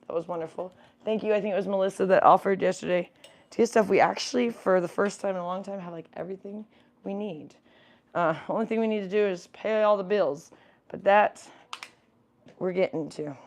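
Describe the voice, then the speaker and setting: With a brisk pace and a mid-range, slightly mellow voice, a young adult woman co-hosts a home livestream, rambling through a casual chat peppered with fillers.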